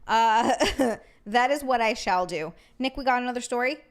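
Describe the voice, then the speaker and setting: High-voiced woman hosting a chatty livestream. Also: moderate pace. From Russia. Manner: chatty, thanks viewers as she goes. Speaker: livestream host. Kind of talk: casual chat.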